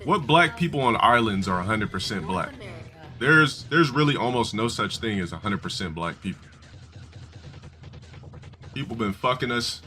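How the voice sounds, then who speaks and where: A man's voice: lowish voice, lively intonation, normal speed, long pauses, bright, forceful tone, soft background music. A man streaming live and telling crude, rambling stories to his viewers, swearing and restarting often. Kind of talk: casual profane storytelling to a live audience.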